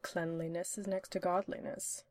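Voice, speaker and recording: Hannibal, a woman reading a formal, measured gourmet doctor. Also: fairly low pitch, flat delivery, no room sound, lightly acted. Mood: dry formal. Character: refined, dryly witty male doctor and gourmet. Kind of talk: audiobook-style story reading.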